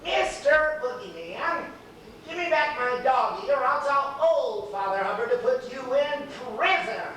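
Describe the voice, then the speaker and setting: A woman voicing an ugly old woman who shouts slowly for her stolen dog, in a noisy echoey room far from the mic. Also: sits high, expressive. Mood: pleading.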